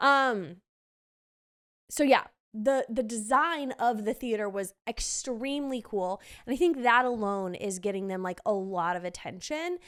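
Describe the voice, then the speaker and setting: A young woman hosts a casual podcast, gushing about shows she has seen. Her voice sits fairly high and comes across smooth and clear, with plenty of fillers. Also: a little slow, a bit bright. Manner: chatty, gushing, many fillers. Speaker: podcast host. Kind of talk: casual theater review chat.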